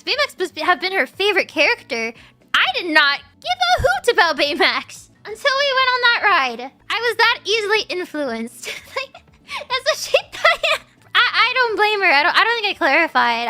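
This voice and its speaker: A woman's voice: very high-pitched, pushed and bright. A young adult woman streamer chatting casually, bubbly and rambling, often giggling.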